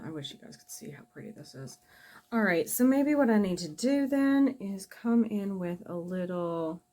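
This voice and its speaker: A woman's voice: on the low side, darkish tone. A middle-aged woman chatting casually through a makeup tutorial. She is blunt, swears freely and pokes fun at herself. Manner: blunt, profane, self-mocking. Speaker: makeup vlogger.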